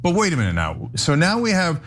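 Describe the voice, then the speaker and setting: A man's voice: fairly high pitch, wildly swooping pitch, brisk, fairly bright tone, a little hiss or hum. A man in a played clip, giving rambling political commentary and listing things out.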